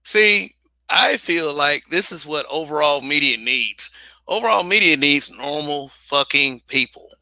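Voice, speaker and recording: A young man hosts his own livestream and talks straight to the camera in an unpolished, profane way, often doubling back on his words. His voice is strikingly bright and cutting, sitting a little high. The sound is dry and close, with no room echo. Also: lively intonation, a little slow. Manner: blunt and profane, with frequent restarts and repeated phrases. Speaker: livestream host. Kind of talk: casual livestream commentary.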